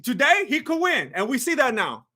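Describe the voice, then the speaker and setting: A man hosting a live fight watch-along, firing excited, incredulous questions at his chat. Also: very high-pitched. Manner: talks to the chat with rapid questions. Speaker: livestream host reacting to fights.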